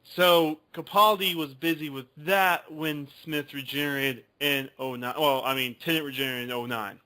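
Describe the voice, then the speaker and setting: A man in a casual chat, hesitant and excitable, swearing now and then. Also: a little high, moderate pace.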